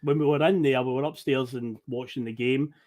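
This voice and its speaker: A man's voice: medium pitch, fairly even intonation, fairly quick, darkish tone. A Scottish man in his thirties on a podcast, telling rambling travel anecdotes, acting out quotes and laughing often. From Scotland. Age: 30s. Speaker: podcast guest storyteller. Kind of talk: casual podcast chat.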